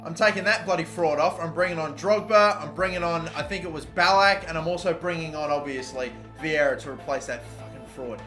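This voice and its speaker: A bright, high-voiced young man gives live commentary on his own gameplay. He is excitable and foul-mouthed, and he often shouts at his players. Faint game music plays behind him. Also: fairly quick, hardly any pauses. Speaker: gaming YouTuber.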